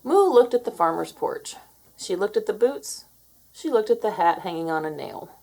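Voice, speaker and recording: A woman narrating a children's storybook read-aloud in an expressive, slow and clear manner. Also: mid-range voice. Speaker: storybook reader.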